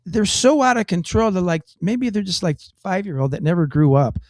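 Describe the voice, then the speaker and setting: A man's voice: high-pitched, lively intonation, brisk, a little mellow, no room sound, studio quality. A man co-hosting a radio show in casual chat, rambling and incredulous, often restarting his sentences. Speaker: radio co-host.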